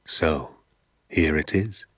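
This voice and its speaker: A man reading an audiobook, voicing a secretive, enthusiastic father who talks in a low, confiding hush and sometimes drops to a whisper. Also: slow pace, slightly rough, no echo, studio quality, full character voice. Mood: conspiratorial. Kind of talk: audiobook character voice.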